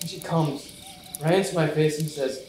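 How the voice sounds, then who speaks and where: A man's voice: a little high, normal speed, a little mellow, slight background noise, natural voice. A man playing a remorseful apostle Peter in an earnest stage monologue, telling his story in the first person. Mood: tense. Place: church stage. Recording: echoey church hall, mic far off.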